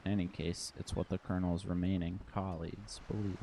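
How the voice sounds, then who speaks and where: Man reads diplomatic female liaison, composed and guarded; deep, dark, flat delivery. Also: a little fast, slight background noise. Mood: measured.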